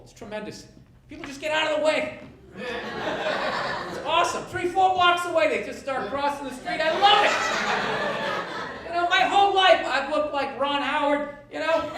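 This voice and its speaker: A male stand-up comedian doing a sarcastic, profane rant on stage. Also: extremely high pitch. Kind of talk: stand-up routine. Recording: echoey distant recording with loud noise. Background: audience laughter.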